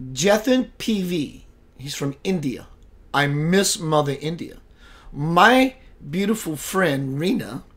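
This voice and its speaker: A man hosting a spiritual web radio show, chatting casually and playfully, greeting viewers by name and laughing often. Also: a little high. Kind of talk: casual livestream chat.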